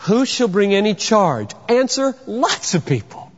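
A man preaching a sermon with emphatic delivery, firing off rhetorical questions and sometimes shouting for effect. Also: sits high, very animated, measured pace, a little hiss or hum. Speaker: pastor. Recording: dull sound with long hall reverb.

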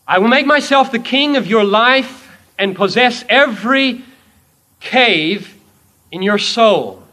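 A man preaching, voicing Jesus as a calm, commanding king in a solemn, measured way. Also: extremely high pitch, pitched above the performer's own voice, heavily acted.

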